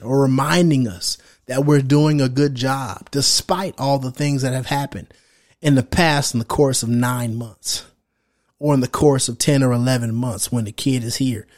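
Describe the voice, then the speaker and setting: A man in his thirties hosting a podcast, giving casual, direct advice in a slangy, animated way and acting out what other men might think. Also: mid-range voice. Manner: animated, slangy and direct, acts out quoted thoughts. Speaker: podcast host.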